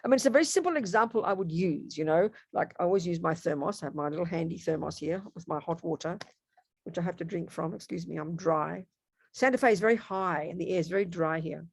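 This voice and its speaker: A woman's voice: fairly low pitch, fast, husky, no room sound. Chatty woman teaching meditation, dry close sound. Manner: chatty, playful asides, self-correcting. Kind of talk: casual dharma teaching talk. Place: home room.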